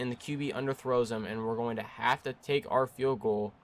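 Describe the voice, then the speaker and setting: A young man giving play-by-play commentary over his own video game, jumping between excited bursts and frustrated, flat stretches. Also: mid-range voice, a little fast. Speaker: gaming YouTuber.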